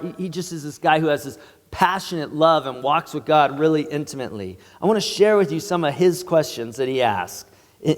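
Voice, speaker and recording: A man's voice: a little high, in a large hall. A male pastor preaching a sermon in an earnest, emphatic way, in a church sanctuary.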